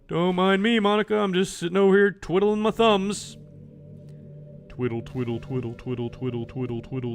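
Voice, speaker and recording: A man's voice: high-pitched, bright, forceful tone. A man streaming a visual novel, joking and talking to the game character as he plays. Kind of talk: casual gameplay commentary.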